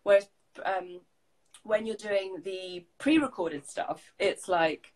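A woman, a guest in an interview, talking in a lively, chatty way with many restarts and acted-out quotes. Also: medium pitch, slow pace, poor audio. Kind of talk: casual interview chat.

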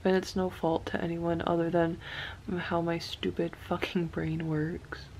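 A young woman in her twenties talking to camera in a personal vlog, crying, halting and restarting as she speaks softly. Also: on the low side, flat delivery, a little hiss or hum. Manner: halting, restarting, soft-spoken. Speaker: vlogger.

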